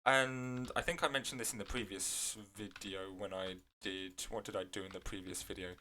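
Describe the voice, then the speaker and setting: A man with a fairly low voice talks through his gameplay in a loose, rambling way, full of fillers and mid-sentence corrections. His voice cracks here and there as he goes. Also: steady tone, moderate pace, bright, forceful tone, slight background noise. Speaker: gameplay video creator. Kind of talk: casual gameplay commentary.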